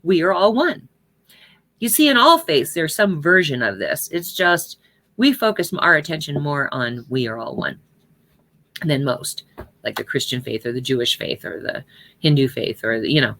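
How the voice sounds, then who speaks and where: A woman's voice: deep voice, very animated, moderate pace, fairly bright tone. A woman giving a conversational spiritual teaching talk on prayer, often checking in with her listeners. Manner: conversational, checks in with "right?" and "okay?".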